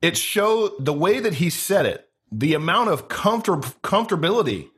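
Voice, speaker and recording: High, animated male host. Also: normal speed, breathy edge. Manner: animated, indignant rhetorical delivery. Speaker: show host. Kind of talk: political interview.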